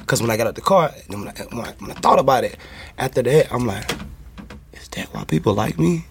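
Animated man telling a story. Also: mid-range voice, quick pace, gravelly, a little hiss or hum. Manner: animated, acts out quoted voices. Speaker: guest. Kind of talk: casual storytelling.

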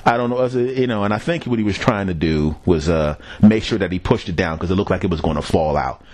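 A man's voice: sits low, fast talker, a little mellow, no room sound. A man hosting a podcast, telling a rambling, profane story in a casual solo monologue and chuckling at his own jokes. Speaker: podcast host.

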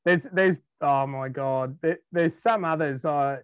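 Slow-talking Australian man, dry close sound. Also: fairly high pitch, smooth, no room sound. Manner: laid-back, laughs often, trails off and restarts. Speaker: guest musician. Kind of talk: casual podcast chat.

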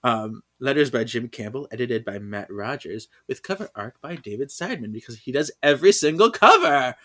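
A man's voice: mid-range voice, expressive, normal speed, fairly bright tone. A man co-hosting a podcast, giving a casual, rambling comic book recap and laughing often. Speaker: podcast co-host.

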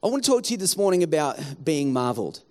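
Male pastor, higher voice, animated sermon delivery. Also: fast talker. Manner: animated preaching, acts out townspeople in quotes.

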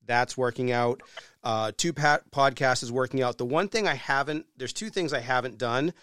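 A man on a podcast telling a story in casual, animated chat, swearing freely. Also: mid-range voice, moderate pace, no room sound, studio quality.

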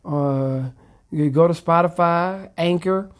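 Low-voiced laid-back woman podcaster. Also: slow pace. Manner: laid-back slangy talk. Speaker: podcast co-host. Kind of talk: casual podcast chat.

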